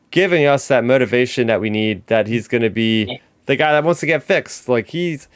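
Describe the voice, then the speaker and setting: A man's voice: mid-range voice, no echo. A man hosting a podcast and chatting eagerly as a fan, with many fillers and restarts. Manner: excited fan talk, lots of "like" and restarts. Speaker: podcast host. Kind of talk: casual chat.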